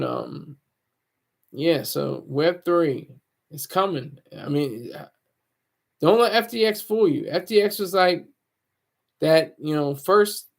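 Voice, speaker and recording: A man's voice: fairly high pitch, vocal fry. A man talking to his viewers as a YouTuber in a casual, rambling monologue, mocking himself and restarting his sentences often.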